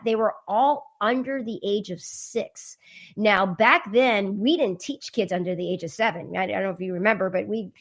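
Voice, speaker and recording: A middle-aged woman, a guest in a casual interview, telling lively stories and acting out the dialogue. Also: medium pitch, gravelly. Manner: animated storyteller, acts out dialogue. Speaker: guest, martial arts educator.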